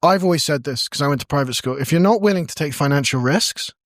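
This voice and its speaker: A young man from the UK co-hosting a comedy podcast, rambling through a story with deadpan irony. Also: a little high, fast talker, no echo, clean studio sound. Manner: deadpan ironic, rambling with restarts. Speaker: podcast co-host. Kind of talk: comedic casual chat.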